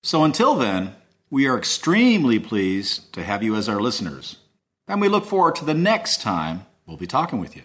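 A man hosting a scripted language lesson, explaining in a measured way. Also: mid-range voice, huge pitch swings. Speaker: host.

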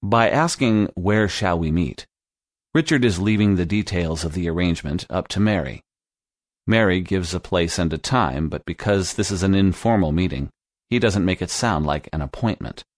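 Man, very low voice, dry close sound, scripted lesson narration, slow and clear. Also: expressive, no echo. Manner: slow, clear teaching delivery. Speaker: English teacher.

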